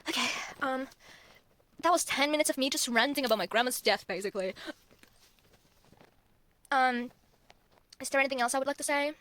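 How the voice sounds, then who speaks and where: A woman's voice: high-pitched, moderate pace, long pauses, a bit bright, no echo. A young woman rambling casually in a phone-recorded vlog, swearing often. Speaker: vlogger.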